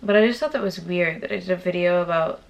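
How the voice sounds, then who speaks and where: A woman's voice: lowish voice, fast, gravelly, highs cut off. A young woman from Massachusetts telling a casual storytime vlog, chatty and profane, with whispered asides. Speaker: YouTuber.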